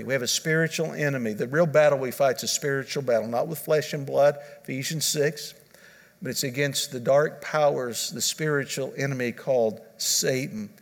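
A man's voice: medium pitch, vocal fry, big-room sound. A man preaching a sermon as pastor, earnest, repeating his key points and restarting phrases as he goes.

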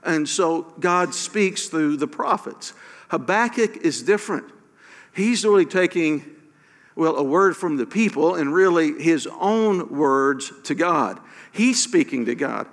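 A man preaching a sermon as pastor, animated, acting out quoted prayers with emphatic questions. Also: on the high side, unhurried, big-room sound.

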